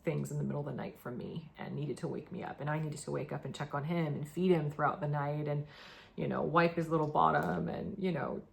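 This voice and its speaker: Woman vlogger, low voice, sleep-deprived, earnest and halting. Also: creaky, fairly bright tone. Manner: emotional, halting, many fillers and restarts. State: tired from lack of sleep. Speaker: pet owner vlogger. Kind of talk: casual to-camera update.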